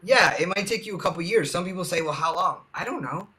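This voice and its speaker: A young man with a fairly high, bright, forceful voice talks as a guest in a relaxed interview. He speaks candidly and slips easily into quoting other people's words. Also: fast talker. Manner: candid, conversational, quotes others often. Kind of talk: casual interview chat.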